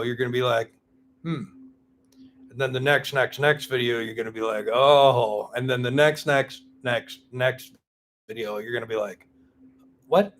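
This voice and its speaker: A man hosts an unplanned live stream in a loose, rambling way. He greets viewers by name and teases them, and his voice sits at an ordinary middle pitch. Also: a bit bright, a little hiss or hum. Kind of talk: casual live-stream chat.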